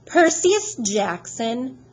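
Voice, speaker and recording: A woman voicing a menacing female Fury with a Southern accent, speaking slowly and threateningly. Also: a little high, very animated, slight background noise, pitched above the performer's own voice, heavily acted, poor audio. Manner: slow, drawn-out, threatening delivery. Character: menacing female Fury, former teacher, hissing and cruel.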